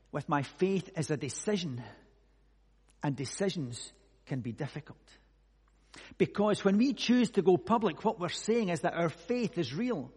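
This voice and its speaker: A man preaching a conversational sermon, musing aloud with many rhetorical questions and moving between hushed and loud delivery. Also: a little high, slightly rough. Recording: long echoey hall reverb.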